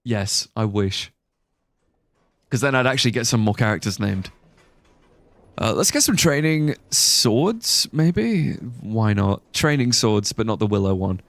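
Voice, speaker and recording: A young man streams a game and chats casually, his medium-pitched voice recorded with no echo. He thinks out loud as he plays, rambling and dropping in fillers.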